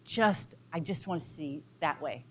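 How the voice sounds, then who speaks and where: A woman voicing an eager male coyote who begs in a breathy half-whisper as she tells a folk tale. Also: deep voice, a little slow, fairly bright tone, full character voice. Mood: pleading.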